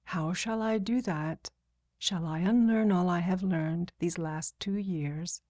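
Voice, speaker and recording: A woman voicing a serious, respectful young woman, earnest and soft-spoken. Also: lowish voice, takes it slowly.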